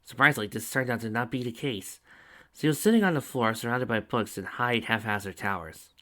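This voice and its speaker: A man reading a fan fiction story aloud at a steady, even pace. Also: mid-range voice, a little fast. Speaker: story reader.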